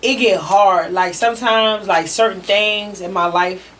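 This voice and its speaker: A woman's voice: mid-range voice, steady tone, unhurried, fairly bright tone, a little hiss or hum. A woman rapper speaking as a podcast guest, talking candidly and emotionally in a slangy, casual way and swearing freely.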